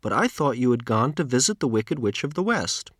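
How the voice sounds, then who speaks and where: A man voicing a surprised male gate guardian in a storybook read-aloud for learners, speaking slowly and clearly. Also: medium pitch, very animated, a bit bright, no echo, clean studio sound. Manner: slow, clearly enunciated reading.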